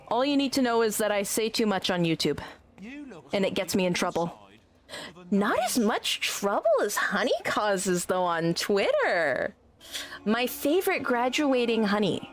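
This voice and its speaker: A woman's voice: medium pitch, big pitch swings, a little slow. A woman streaming a game, chatting casually with her viewers, teasing them and swearing freely. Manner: teasing, swears a lot, talks back to chat.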